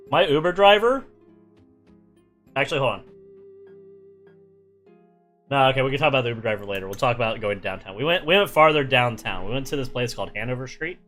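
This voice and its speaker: A young male streamer telling a travel story in a bright, lively voice that swings up and down. He rambles, restarting sentences and piling on fillers, with faint music playing behind him. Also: medium pitch, normal speed, long pauses. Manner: rambling, animated, many fillers. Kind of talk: casual storytelling.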